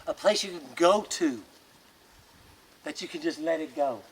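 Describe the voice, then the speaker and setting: A man voicing a quiet old grandmother who speaks slowly and thoughtfully. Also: a little high, lively intonation, slight background noise, rough recording. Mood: calm.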